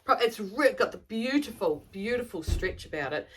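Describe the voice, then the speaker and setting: A woman's voice: mid-range voice, expressive, normal speed, a little hiss or hum, rough recording. A middle-aged woman, chatting in a rambling, self-deprecating way as she shows off her sewing. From New Zealand. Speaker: sewing vlogger. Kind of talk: casual chat showing handmade items.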